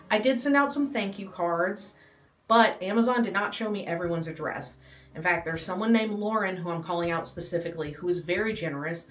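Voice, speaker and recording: A young adult woman vlogging from a parked car, chatting casually and rambling with lots of fillers, audibly moved and emotional. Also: mid-range voice. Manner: rambling, gushing, with many fillers. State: emotional and touched. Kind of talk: casual chat.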